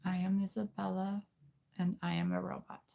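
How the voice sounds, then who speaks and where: A man's voice: high-pitched, level tone, normal speed, vocal fry, dark tone, voice pushed up. A man voicing a prim, polite female robot with a stiff, clipped delivery during a live stream voice demo. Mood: mechanical.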